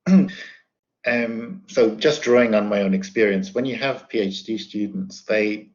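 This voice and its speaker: A man interviewing a guest, asking questions hesitantly with many fillers and pauses. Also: lowish voice, highs cut off. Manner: hesitant, fillers and throat clearing. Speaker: interviewer, academic.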